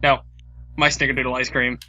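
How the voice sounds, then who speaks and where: A young man chatting as a guest, giving blunt, deadpan retorts. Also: mid-range voice, quick pace, dull audio. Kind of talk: casual chat.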